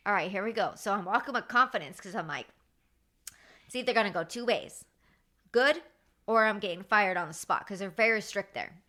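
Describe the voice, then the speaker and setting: A woman in her thirties, a podcast host telling a story in a casual, animated way with lots of fillers. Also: medium pitch, brisk. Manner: animated, chatty, with many fillers.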